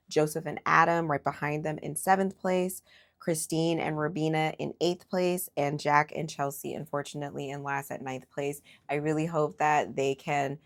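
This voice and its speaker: Woman, low voice, casual chatty recap, opinionated, fillers, gets animated. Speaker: recap host.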